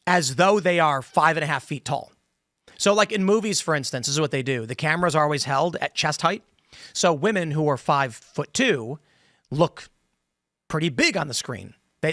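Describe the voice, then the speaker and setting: A man's voice: a little high, fairly bright tone, dry recording. A man hosting a panel podcast, opinionated and explanatory, talking at length around a studio table. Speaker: podcast host. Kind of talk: casual panel discussion. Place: studio table with other hosts.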